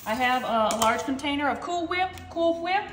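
Chatty high-voiced woman cooking at home. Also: animated, a little fast, fairly bright tone. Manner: chatty, talks to viewers as y'all. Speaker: cooking channel host. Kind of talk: casual cooking demo. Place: friend's home kitchen. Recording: echoey kitchen with faint noise.

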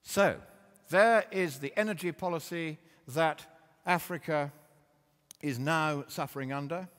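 Man, lecture with slides, combative, mocking, fairly high voice, long hall reverb. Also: a little slow, fairly bright tone. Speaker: public speaker.

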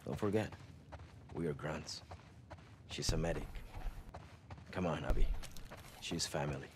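A man's voice: a bass voice, measured pace, background noise. An actor voicing an easygoing young male soldier with a Mexican-American accent, teasing and coaxing his friend and mixing in Spanish words.

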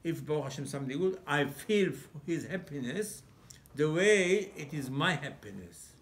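Emphatic rabbi with a higher voice. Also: male voice, lively intonation, moderate pace. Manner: emphatic, rhetorical questions, broken English. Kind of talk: sermon.

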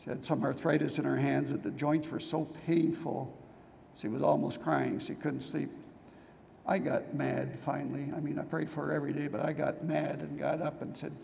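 Older male pastor, hoarse and gravelly, mellow tone, earnest sermon storytelling in a long-reverb hall. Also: fairly high pitch, a little hiss or hum. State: losing his voice, hoarse.

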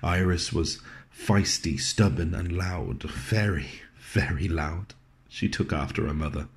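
A man performing a scripted dramatic monologue, telling his story in a gentle, wry way with low, soft passages. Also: takes it slowly.

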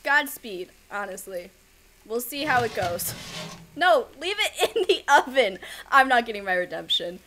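A woman's voice: on the high side, sing-song, a little slow, a bit bright, slight background noise. A woman giving casual gameplay commentary, flustered and self-mocking, laughing often. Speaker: let's play gamer.

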